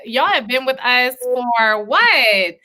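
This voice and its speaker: A woman hosting a film screening stream in a chatty, animated way, with many fillers and laughs. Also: fairly high pitch, slow. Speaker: host. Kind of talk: casual livestream chat.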